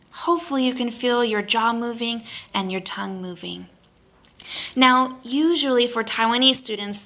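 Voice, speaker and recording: A woman teaching pronunciation, patiently modelling drawn-out vowel sounds for learners to repeat. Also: mid-range voice, vocal fry, sharp tone. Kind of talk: slow instructional lesson.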